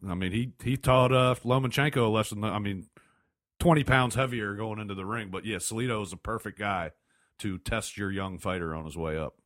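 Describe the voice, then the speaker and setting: A man with a fairly low voice co-hosting a casual podcast. He mostly backs up his partner with quick agreement and adds brief points of his own. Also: fairly bright tone. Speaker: podcast co-host. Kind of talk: casual sports chat.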